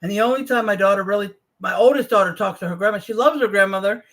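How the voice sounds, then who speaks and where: A woman's voice: medium pitch, fast talker. A woman in her forties chatting casually on a livestream, rambling in trailing asides and greeting viewers. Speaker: livestream host.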